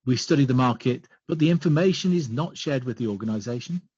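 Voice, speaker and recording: Man, husky voice, measured webinar talk, dull lo-fi call audio. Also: mid-range voice, expressive, darkish tone, dry recording. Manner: measured, explanatory, lists points one by one. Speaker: webinar presenter. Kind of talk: business webinar presentation.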